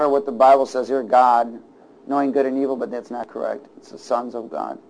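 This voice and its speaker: A male pastor preaching a sermon, throwing call-and-response asides to his congregation and chuckling between points as he moves from hushed remarks to loud declarations. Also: mid-range voice, flat delivery, fairly quick, poor audio.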